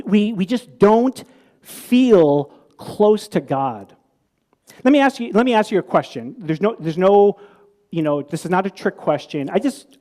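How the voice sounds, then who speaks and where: A man's voice: on the high side, mellow. A man giving a conversational sermon to a live audience, telling stories with many restarts and repeated words, then putting questions to the listeners. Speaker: preacher.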